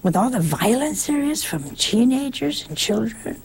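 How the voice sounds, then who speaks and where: A woman's voice: fairly high pitch, expressive, unhurried, darkish tone, a little hiss or hum. A woman giving a conversational sermon in a folksy way, often turning to the listeners with rhetorical questions. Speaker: preacher.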